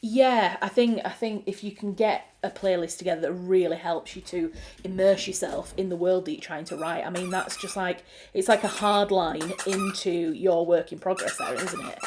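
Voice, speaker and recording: A woman with a Yorkshire accent, a writer hosting a relaxed livestream, chatting loosely and answering viewers from home. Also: fairly low pitch, normal speed, slight background noise. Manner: chatty, self-described chaotic, answers chat messages. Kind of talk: casual livestream chat. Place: at home with her dog.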